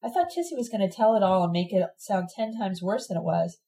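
In this read-aloud novel, a weary, tearful young man answers in a subdued, pleading way, with a woman doing his lines. The voice is mellow and warm. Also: medium pitch, expressive, fairly quick, lightly acted. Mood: sad.

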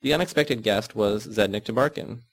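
A man narrating a novel in the first person, in a measured, even way. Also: on the low side, vocal fry, no room sound. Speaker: audiobook reader.

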